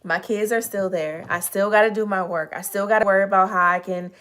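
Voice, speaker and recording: Chatty, slightly hoarse woman livestream host. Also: mid-range voice, fairly even intonation, a little fast, fairly bright tone. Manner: chatty, greets viewers by name mid-talk; earnest, encouraging, addresses audience as y'all. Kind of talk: casual motivational livestream talk.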